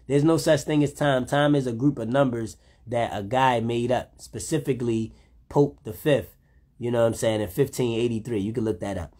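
A man in a loose, rambling monologue. He sounds laid-back and keeps circling back with "you know what I'm saying". His voice sits at an ordinary middle pitch. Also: steady tone, normal speed, a little mellow. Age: 30s.

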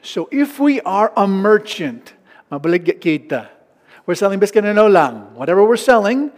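High-voiced pastor preaching in a reverberant hall. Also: male voice, sing-song, moderate pace, darkish tone. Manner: mixes English with local Filipino phrases, acts out market haggling. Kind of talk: sermon. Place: church hall.

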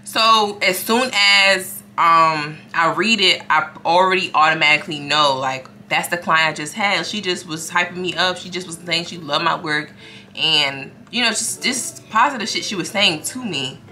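A woman's voice: on the low side, normal speed, pushed and bright, faint music behind. A young woman telling a story to her viewers in a casual, slangy, profane way, often quoting what other people said.

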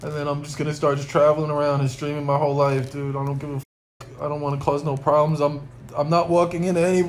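A man's voice: a little high, flat delivery, fast, a little hiss or hum, rough recording. A young man from New York, upset and close to tears, ranting through an unscripted live stream from a hotel room, swearing constantly and tacking bro and man onto his lines. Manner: profane, repeats bro and man, rambling.

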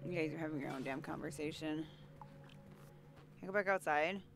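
A woman's voice: low voice, moderate pace, vocal fry, over music. A woman streamer giving playful, jokey let's-play commentary as she talks to herself. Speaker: game streamer.

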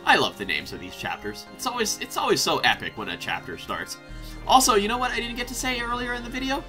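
A man hosting a casual let's play, rambling and excitable, often breaking into laughter. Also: medium pitch, quick pace, soft background music. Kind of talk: casual gameplay commentary.

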